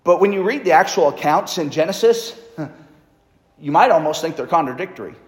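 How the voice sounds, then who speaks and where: A man's voice: on the high side, animated, a little fast. A man preaching a sermon in a conversational way, reading scripture aloud. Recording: echoey hall reverb.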